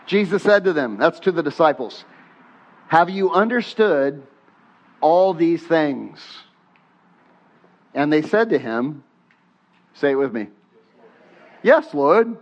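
A man preaching a sermon as pastor, talking with the congregation and having them say lines back to him, his voice rising on questions and dropping soft on prayers. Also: on the high side, lively intonation, slow, long pauses. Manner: conversational, asks the congregation to repeat lines. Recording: dull muffled sermon recording.

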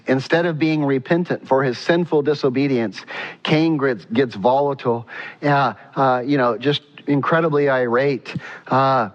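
A man's voice: medium pitch, dull audio. A man preaching a sermon as pastor, emphatic, now and then acting out quotes.

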